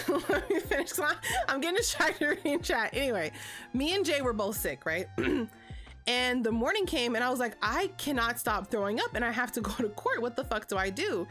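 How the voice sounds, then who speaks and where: A woman's voice: on the high side, fairly bright tone. A woman in her thirties telling a story on a livestream, chatty and profane, with a constant "like" between phrases. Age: 30s. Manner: chatty, profane, heavy filler "like". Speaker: vlogger. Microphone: streaming setup.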